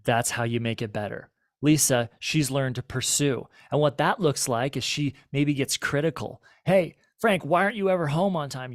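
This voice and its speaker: A man's voice: medium pitch, dry recording, studio quality. A man, a marriage and family therapist, giving a conversational teaching talk that often checks in with listeners.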